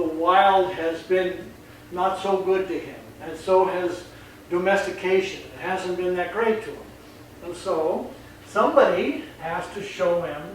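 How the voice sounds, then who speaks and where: A man working as a dog trainer, explaining casually and animatedly, often acting out voices mid-sentence. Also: sits high. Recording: echoey room, distant mic, faint noise.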